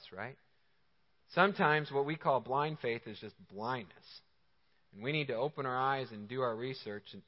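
A male pastor preaches with emphatic, lively energy, talking to the room in a conversational way. His voice sits a little high for a man. The sound carries a long reverb and is somewhat muffled. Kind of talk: sermon. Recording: reverberant hall, slightly dull sound.

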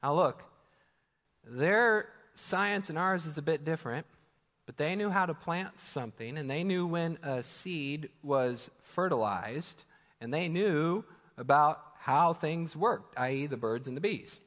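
A Midwestern American man in his thirties delivers a sermon with a slightly raised pitch and an easy, chatty manner. He breaks into laughs and acts out quoted prayers. The sanctuary's long reverb trails behind his words. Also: animated, unhurried, a bit bright. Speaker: pastor. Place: church sanctuary. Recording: church hall with long reverb.

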